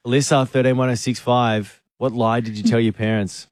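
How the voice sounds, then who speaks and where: A man's voice: medium pitch, steady tone, no room sound, studio quality. An Australian man hosting a radio show, chatting and joking with callers. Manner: chatty, joking, quick laughs. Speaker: radio host. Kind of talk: casual radio banter. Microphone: studio mic.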